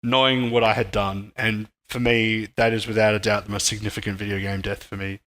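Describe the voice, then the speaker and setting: A man co-hosting a gaming podcast, telling stories in a deadpan, mock-tragic way. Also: on the low side, brisk. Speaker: podcast co-host. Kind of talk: casual gaming podcast chat.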